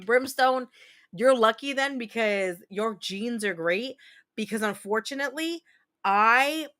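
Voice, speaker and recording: A candid woman in her late thirties chatting with her livestream viewers, her voice sitting a little high. She swears freely and launches into stories. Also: a little slow, a bit bright. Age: 30s. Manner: candid, profane, chatty storyteller. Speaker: livestream host. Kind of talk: casual chat reading viewer comments.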